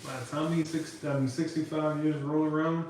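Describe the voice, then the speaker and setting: A man's voice: fairly high pitch, flat delivery, moderate pace, a little mellow. A man co-hosting a casual recap chat, talking in a laid-back, questioning way. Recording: echoey room, mic at a distance, noisy.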